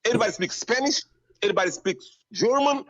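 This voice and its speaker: A man calling into a debate, argumentative and quick to interrupt, with a husky voice. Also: very high-pitched, fairly bright tone, muffled recording. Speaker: caller. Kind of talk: heated debate.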